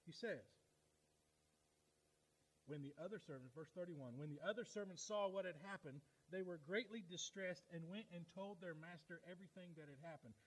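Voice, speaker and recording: A man's voice: sits high, normal speed, slightly rough, low-quality recording. A man preaching a sermon as pastor, retelling a parable in a conversational, folksy way with asides to the congregation.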